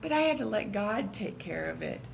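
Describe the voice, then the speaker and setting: A woman at a church round table, telling a story in a casual, animated way and acting out the voices in it. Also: medium pitch, moderate pace, vocal fry, a little hiss or hum, rough recording. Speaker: church member.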